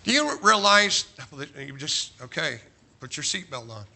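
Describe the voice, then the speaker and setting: A man's voice: a little high, sing-song, a little slow, creaky, sharp tone. A man preaching a sermon to a large church, emphatic and joking, firing off rhetorical questions. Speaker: pastor.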